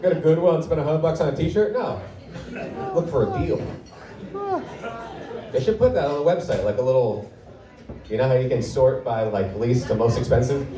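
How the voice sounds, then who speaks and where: A man's voice: medium pitch, normal speed, long pauses, warm tone. Wry man in his thirties doing stand-up. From Portland, Oregon, US. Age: 30s. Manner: wry, offhand, self-deprecating delivery. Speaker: stand-up comedian. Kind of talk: live stand-up comedy set. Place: comedy club stage with live audience. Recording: roomy live club sound from a distance, audience laughter.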